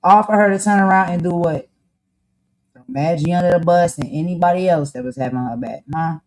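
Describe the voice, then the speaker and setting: A woman's voice: fairly low pitch, a little fast, crowd noise, rough recording. A woman host with a New Jersey accent, talking in a blunt, sassy, slang-heavy way. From Camden, New Jersey. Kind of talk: casual chat.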